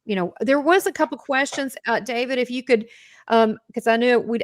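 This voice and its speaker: Woman, guest, eager, chatty, quick announcements, dry close sound. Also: mid-range voice, dry recording. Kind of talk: live video chat.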